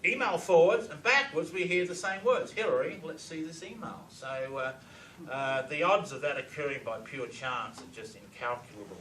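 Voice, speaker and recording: A man's voice: on the high side, lively intonation, sharp tone, slight background noise. Man lecturing from a distant echoey mic. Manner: explanatory, matter-of-fact, pauses with fillers. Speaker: presenter on reverse speech. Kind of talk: lecture presentation playing audio clips. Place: lecture room with audience.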